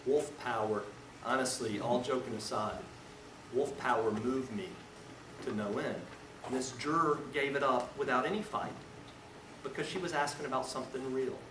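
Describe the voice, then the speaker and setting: A man, a defense lawyer, teaching a seminar with animated storytelling, acting out scenes and swinging between loud and hushed talk. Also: mid-range voice, normal speed. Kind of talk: lecture with storytelling. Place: lecture room. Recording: echoey room, far mic, noisy.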